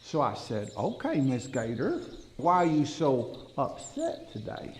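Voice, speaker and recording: A man's voice: medium pitch, unhurried, slight background noise. A man playing a goofy, folksy backwoods storyteller with a drawl, telling tall tales to children. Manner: drawling, folksy, animated, talks to kids. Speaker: kids' dental educator.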